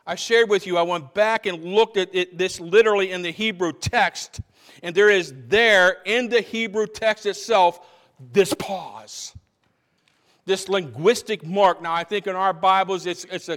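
Preaching at a moderate pace, a high-pitched man with a somewhat bright voice leads a sermon as pastor. He chats with the congregation, poses questions, and restarts phrases, all under the long reverb of a church sanctuary.

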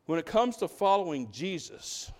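A man preaches with a high, lively voice. He swings from loud outbursts to near-whispered lines. The sound rings in a hall with a long echo. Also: moderate pace. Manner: animated, swings from loud to hushed. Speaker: pastor. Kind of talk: sermon.

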